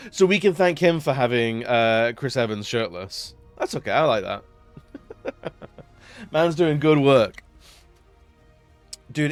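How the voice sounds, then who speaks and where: Male streamer, casual rambling chat, smooth clear voice, dry close mic, faint music behind. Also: mid-range voice, dry recording. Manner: rambling, lots of fillers, laughs often.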